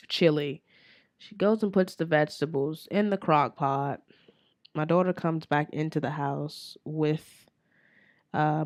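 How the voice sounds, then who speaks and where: Lower-pitched woman podcaster, blunt and swears a lot, animated storytelling, dead dry mic. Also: no room sound. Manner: candid and profane, animated retelling. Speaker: podcast host. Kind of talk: casual storytelling monologue.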